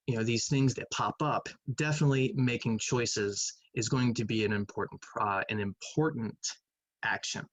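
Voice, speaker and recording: A male math teacher talks through quiz questions in a relaxed, conversational way, musing aloud as he weighs each answer. His voice sits at an ordinary middle pitch. The sound is dry and close, with no room echo. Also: moderate pace. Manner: conversational, thinking aloud, hums while reading. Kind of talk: recorded online lecture going over quiz questions.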